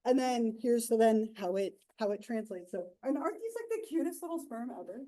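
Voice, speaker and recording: A woman's voice: on the high side, expressive, brisk, dark tone, poor audio. A woman in her thirties lecturing a psychology class in a classroom, chatty and loose, with many fillers and asides. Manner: chatty, full of fillers and asides, laughs often. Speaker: psychology instructor.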